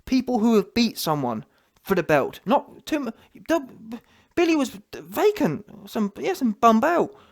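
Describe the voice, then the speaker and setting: A man's voice: extremely high pitch, sing-song, a little slow, creaky. Man, fired-up boxing rant, mocking, slangy, keeps adding "yeah". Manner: heated, mocking, slangy, full of restarts and "yeah" tags. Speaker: boxing commentator. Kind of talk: ranting opinion vlog.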